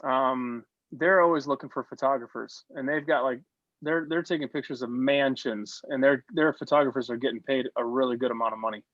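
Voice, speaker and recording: A man leading a class on a video call, encouraging and offering job connections, talking in quick bursts with restarts. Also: mid-range voice, a bit bright, dry recording, lo-fi sound. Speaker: class leader.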